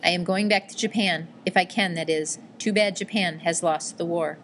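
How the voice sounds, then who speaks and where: A woman's voice: on the low side, fairly even intonation, moderate pace, a bit bright, slight background noise, lightly acted. Woman voicing a weary defeated old man.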